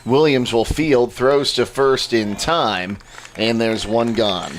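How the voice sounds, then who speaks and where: A male play-by-play announcer on radio, calling every pitch and count in a brisk, even voice at a middling pitch. Faint crowd ambience sits behind him. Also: a little hiss or hum. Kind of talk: live radio baseball play-by-play.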